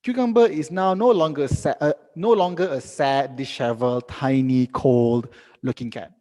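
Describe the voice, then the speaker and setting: A young man teaching a live online English lesson, reading out students' sentences and correcting them gently. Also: medium pitch, moderate pace, long reverb tail.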